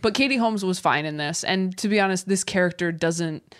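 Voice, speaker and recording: A woman co-hosting a casual chat, animated and opinionated, peppering her talk with "like.". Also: fairly low pitch, fairly quick, dry recording, studio quality. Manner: animated and opinionated, heavy use of "like". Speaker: podcast co-host.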